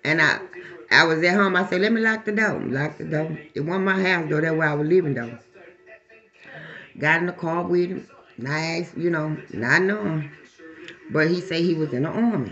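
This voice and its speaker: A woman's voice: lowish voice, fairly bright tone. A middle-aged woman telling a personal story to listeners, blunt and profane, talking straight to the crowd. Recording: dull lo-fi recording.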